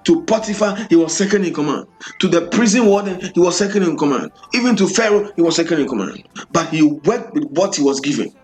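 A man's voice: fairly high pitch, lively intonation, fast, a little mellow, soft background music. A man preaching a sermon, building repeated refrains with rhythmic emphasis.

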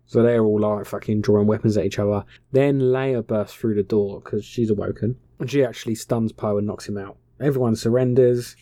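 A man's voice: on the low side, steady tone, fairly quick, few pauses, mellow, no echo, clean studio sound. A man casually retelling a film plot, offhand, slangy and full of swearing. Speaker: film recapper. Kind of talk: casual comic film recap.

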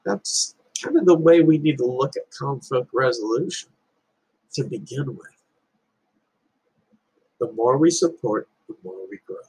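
A man's voice: medium pitch, expressive, a little slow, pauses often, darkish tone, husky, rough recording. A man giving an earnest, reflective motivational talk and telling stories to make his point. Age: adult with children. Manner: storytelling, earnest, uses parables. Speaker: speaker giving life advice.

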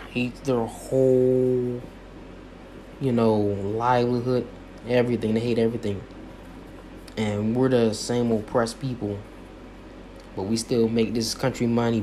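A man's voice: mid-range voice, darkish tone, slight background noise. A man giving impassioned spoken commentary, repeating his points in a preacher-like cadence. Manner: repetitive, emphatic, preacher-like cadence.

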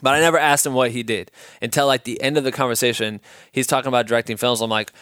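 Smooth-voiced profane young podcast host. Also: male voice, medium pitch, fast, no room sound, studio quality. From Iowa, USA. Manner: profane, rambling, loose and animated. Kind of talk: casual storytelling monologue.

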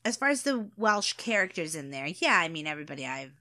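A woman's voice: low voice, sing-song, fast, sharp tone, no echo, studio quality. A woman chatting casually about a TV show, hesitant, with many fillers and frequent laughter.

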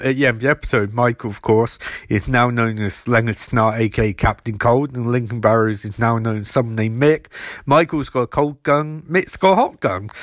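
A man's voice: fairly high pitch, a bit bright, no room sound, studio quality. Chatty man recapping episodes. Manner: chatty, rambling, acts out quoted lines. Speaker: podcast host recapping episodes. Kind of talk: casual solo recap.

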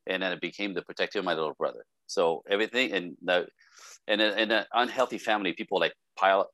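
A man's voice: deep voice, quick pace, sharp tone, no echo. Earnest man with a French accent. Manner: earnest, emotional, fragmented phrasing. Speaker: podcast guest. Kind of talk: casual interview talk.

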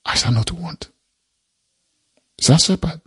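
A man's voice: a little high, big pitch swings, measured pace, fairly bright tone, husky. A man preaching a sermon, reading scripture aloud and expounding it, repeating phrases for emphasis.

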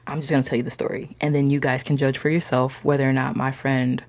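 Low husky creaky-voiced young woman. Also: little pitch movement, quick pace. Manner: slangy, conversational, drops into soft whispers. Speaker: discussion participant. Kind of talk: casual personal storytelling.

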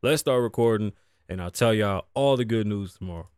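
Brisk and smooth, his voice sits on the low side with a darkish tone. He's a podcast host in his thirties, raised Puerto Rican, chatting casually and profanely with Spanish asides, captured in a dry, clean studio recording.

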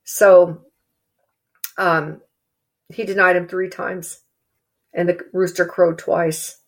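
A woman preaching a sermon in an earnest, halting way, repeating phrases for emphasis. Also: medium pitch.

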